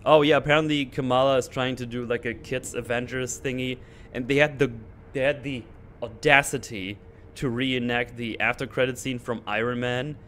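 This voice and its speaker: Male host, casual sarcastic rant, average pitch, faint background hum. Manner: animated, sarcastic, mocking voices. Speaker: channel host. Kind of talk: casual ranting recap.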